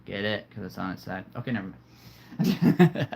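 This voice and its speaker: A man's voice: deep voice, steady tone, fast, gravelly, a bit bright, slight background noise. A man hosting a casual livestream, chatting playfully with viewers and laughing at his own jokes. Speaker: livestream host.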